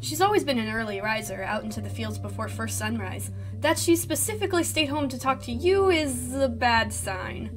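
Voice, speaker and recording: A woman streamer reading a story game aloud, with animated and sassy asides. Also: a little high, moderate pace, hardly any pauses, over music.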